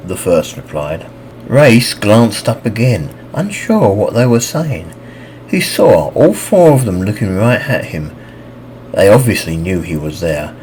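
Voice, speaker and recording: Expressive low-voiced male narrator. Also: slight background noise, rough recording. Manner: expressive reading with lively pitch. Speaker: audiobook narrator. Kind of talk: scripted fantasy narration.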